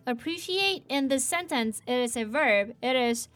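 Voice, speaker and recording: A woman hosting a casual English lesson, playful and animated, modeling sentences slowly and repeating them. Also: sits high, faint music behind. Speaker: English teacher.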